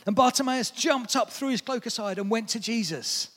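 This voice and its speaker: A man's voice: very high voice, moderate pace. A British man preaching a sermon, telling stories with animation and acting out the lines he quotes. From Britain. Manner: animated storytelling, acts out quotes in raised voice. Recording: long hall reverb.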